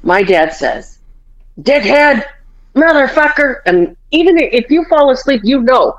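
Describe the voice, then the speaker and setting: A woman's voice: fairly high pitch, very animated, moderate pace, highs cut off. A woman podcast host telling family stories in casual chat, swearing freely and acting out her parents' quarrels.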